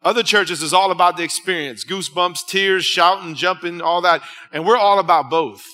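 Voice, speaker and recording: Man, pastor, conversational sermon, bright forceful voice, fairly high, long hall reverb. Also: normal speed. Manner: conversational preaching, storytelling with restarts. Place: church hall.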